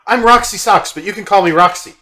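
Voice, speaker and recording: A man voicing a hyperactive, excitable young female cat girl who gushes and fires off rapid questions. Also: high-pitched, voice pushed up. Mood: bubbly. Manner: bubbly, gushing, rapid questions.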